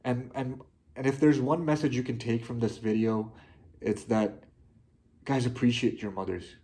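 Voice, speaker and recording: A young man talking to his viewers, heartfelt and halting, often restarting his sentences. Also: medium pitch, fairly even intonation, warm tone. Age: young adult. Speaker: vlogger. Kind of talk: personal reflective monologue.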